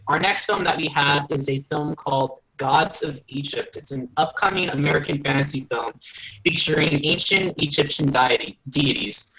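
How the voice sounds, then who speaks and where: Bright gravelly guy reading out movie info, slightly higher voice, trips over words. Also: low-quality recording. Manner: reads film info aloud with stumbles. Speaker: co-host presenting films. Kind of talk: casual chat.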